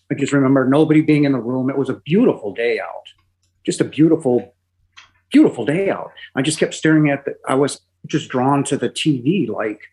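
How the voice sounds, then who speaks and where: A middle-aged man speaks as a podcast guest, telling his own experience with deep feeling. He often stops, starts over and searches for words. His voice sits at an ordinary middle pitch for a man. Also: low-quality recording. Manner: halting, emotional, many pauses and restarts. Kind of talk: personal testimony.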